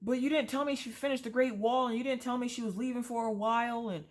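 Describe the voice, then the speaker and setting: A woman voicing her complaining husband in a high, whiny, rambling impression. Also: steady tone, quick pace, lightly acted. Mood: whining. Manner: high-pitched, rambling and sulky.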